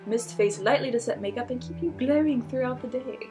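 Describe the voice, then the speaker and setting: A woman's voice: high-pitched, fairly quick, music in the background. A young woman vlogger casually unboxing beauty products, gushing and giggling as she reads labels aloud.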